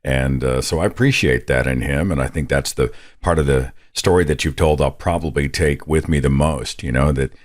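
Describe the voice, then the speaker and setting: Deep-voiced male podcast host. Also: normal speed. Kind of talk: interview and reading.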